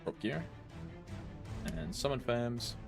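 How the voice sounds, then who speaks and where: Male game streamer, casual and jokey, unhurried delivery, scats between lines. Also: mid-range voice, expressive, creaky, over music. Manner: joking, swearing, scat-humming to himself.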